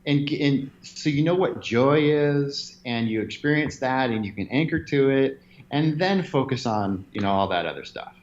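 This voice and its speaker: A man being interviewed, telling stories in an animated way and laughing now and then. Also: mid-range voice, moderate pace, few pauses, highs cut off, a little hiss or hum. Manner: animated storyteller, laughs often. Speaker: interview guest, gym owner. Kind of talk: conversational interview.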